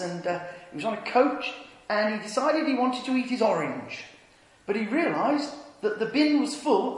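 A preacher with a fairly high voice delivers an earnest sermon, telling stories and sinking to a near-whisper on tender points. His words ring around a large church, with a long reverb trailing each phrase. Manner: earnest storytelling, dropping to a hush on tender points. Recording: echoey church hall.

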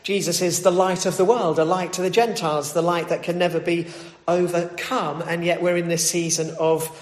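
A man with a high voice reads scripture and then preaches. He talks loosely, with plenty of fillers and restarts. The recording is echoey, with a long reverb from a church hall. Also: steady tone, normal speed. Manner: conversational with many fillers and restarts. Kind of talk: scripture reading and sermon.

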